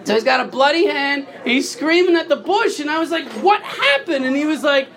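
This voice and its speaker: A man's voice: a little fast, creaky, fairly bright tone. A man in his thirties doing a stand-up comedy set, telling stories through laughter and squealing out the quoted lines. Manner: laughing storyteller, acts out quotes with sudden high squeals. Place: comedy club stage with live audience. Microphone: handheld microphone. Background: crowd laughing.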